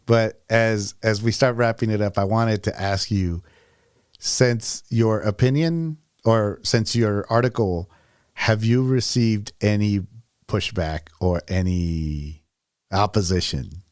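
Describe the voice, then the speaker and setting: A man in his forties hosting a casual podcast, telling stories in a relaxed, joking way. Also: fairly low pitch, slow pace, clear, resonant tone, dry recording, clean studio sound. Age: 40s. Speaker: podcast host.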